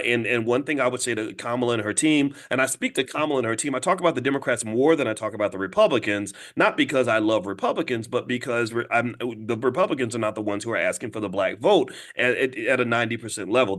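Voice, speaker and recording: A middle-aged man giving an animated talk to an audience, emphatic, acting out little dialogues as he goes. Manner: fast, emphatic, acts out dialogue with jumps in pitch. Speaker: finance commentator addressing an audience. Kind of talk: animated monologue.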